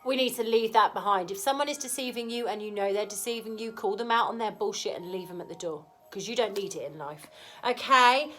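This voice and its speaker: Frank, chatty woman with a cold, reading tarot over soft background music. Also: mid-range voice, brisk. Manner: chatty, frank, keeps asking "okay?". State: has a cold. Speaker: tarot reader. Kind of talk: casual tarot reading to camera.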